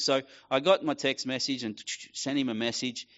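A man's voice: medium pitch, steady tone, normal speed, a bit bright, dull audio. A middle-aged man preaching a casual sermon, acting out quoted voices as he tells a story. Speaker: pastor.

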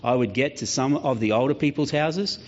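In a slightly dull lo-fi recording, a male pastor preaches at a normal speed with medium pitch. He is an animated storyteller, slipping into different voices for the characters in his sermon.

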